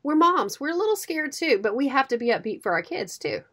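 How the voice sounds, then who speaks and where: A middle-aged woman co-hosting a radio show, chatting casually and telling stories with lively acted-out quotes. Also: high voice, brisk. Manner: animated storyteller, acts out quotes. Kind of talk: casual chat.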